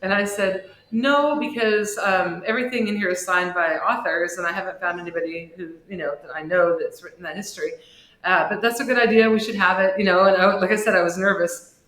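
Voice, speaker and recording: Expressive woman telling a story, echoey room. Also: fast talker. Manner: expressive storyteller with wide swings in pitch and loudness. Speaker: podcast guest, author and shop owner. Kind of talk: telling a personal ghost story in an interview. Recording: echoey room with faint noise.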